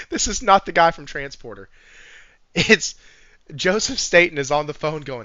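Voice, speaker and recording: A man hosting a podcast in casual chat, animated and joking, swearing freely. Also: on the high side, moderate pace, no room sound. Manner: animated, swears, jokes and sings bits. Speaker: podcast host. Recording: dull lo-fi sound.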